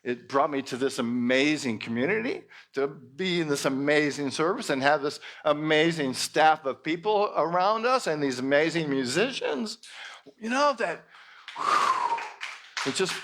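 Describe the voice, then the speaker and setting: A male minister preaching at a church service in an expressive way with playful exclamations. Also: a little high, a little slow. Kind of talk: sermon.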